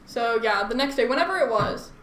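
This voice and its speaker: A young woman hosting a casual podcast, telling a childhood story in an animated, giggly way. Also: on the high side, a little fast, slight background noise. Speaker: podcast host. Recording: echoey room.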